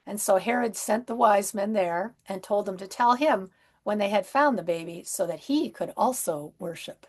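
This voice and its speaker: A woman minister giving a Christmas sermon in a gentle, conversational way, with soft asides and rhetorical questions. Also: mid-range voice, normal speed.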